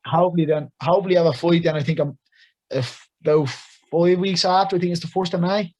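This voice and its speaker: Chatty young Irish man, higher voice. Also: steady tone, fast, darkish tone. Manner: chatty and upbeat, full of praise for others. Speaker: boxer guest. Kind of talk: casual interview chat.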